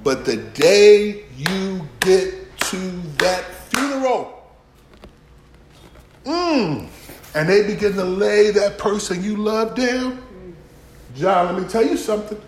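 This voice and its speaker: Pastor preaching in an echoey hall. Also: male voice, high voice, animated, slow pace, pauses often. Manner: dramatic swings from shouting to near-whisper, folksy. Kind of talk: sermon.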